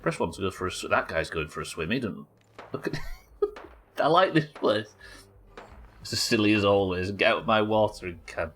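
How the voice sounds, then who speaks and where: A man's voice: on the low side, lively intonation, normal speed, pauses often, fairly bright tone. Rambling British-based streamer man. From United Kingdom. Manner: casual, rambling, swears, reacts aloud. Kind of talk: live gameplay commentary.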